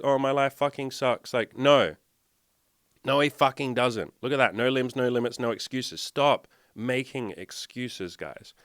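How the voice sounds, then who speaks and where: A man's voice: mid-range voice, fairly bright tone, clear, resonant tone, no room sound, studio quality. A man, working as a dating and life coach, delivering a blunt, swear-filled motivational rant while sharing his screen. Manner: blunt, swearing constantly, fired up. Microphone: desktop mic, sharing screen.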